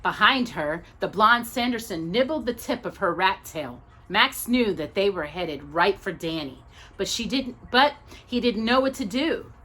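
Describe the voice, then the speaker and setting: A woman reading a storybook aloud as the storyteller, expressive and animated. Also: medium pitch, a little slow.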